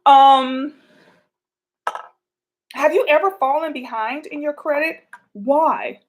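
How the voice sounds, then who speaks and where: A woman with a high-sitting voice speaks slowly while hosting a casual advice vlog. She chats with viewers about relationships, answering their questions with colloquial asides.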